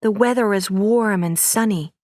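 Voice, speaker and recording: Clear, steady woman reading a story. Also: medium pitch, normal speed, dry recording, studio quality. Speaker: audiobook reader. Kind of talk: graded-reader story narration.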